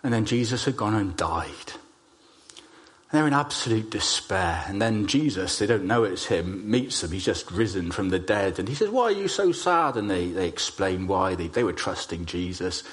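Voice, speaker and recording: A man preaching a sermon, telling stories and stressing key phrases slowly. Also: low-pitched. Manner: storytelling, emphatic with slow stressed phrases.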